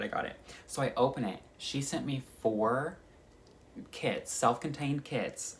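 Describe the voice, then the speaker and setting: A man chatting excitedly as a cross-stitch vlogger, gushing about his stitching kits in a casual way. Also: fairly low pitch. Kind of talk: casual chat.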